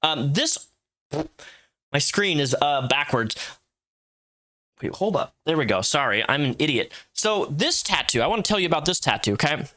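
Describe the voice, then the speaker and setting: A man's voice: fairly high pitch, big pitch swings, moderate pace, pauses often, bright, forceful tone. A man in his thirties giving casual, rambling commentary with frequent restarts and fillers. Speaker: commentary youtuber.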